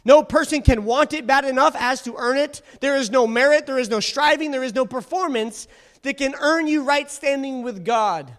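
High-voiced fervent male preacher. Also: moderate pace, fairly bright tone. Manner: fervent, exhorting, calls for congregation responses. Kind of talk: sermon. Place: church before a congregation.

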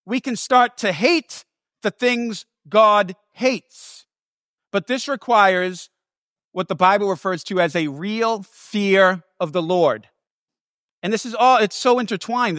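A man preaching a sermon in an animated, emphatic way, with casual asides and restarts, and repeating words for stress. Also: sits high, dry recording, clean studio sound.

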